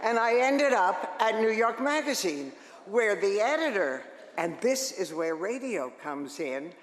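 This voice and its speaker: An older woman tells animated, joking stories to a crowd in a large hall. Her voice rings out with a long, roomy reverb. She speaks as a seasoned radio host recalling her career. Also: medium pitch, measured pace. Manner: lively, joking, animated storytelling. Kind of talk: storytelling talk to an audience.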